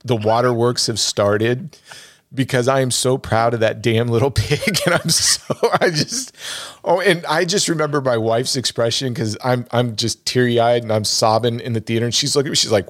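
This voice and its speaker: A man's voice: medium pitch, normal speed, a bit bright, no echo, clean studio sound. A man chatting casually as a podcast co-host about films, telling stories with emotion and animation. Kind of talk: casual film discussion.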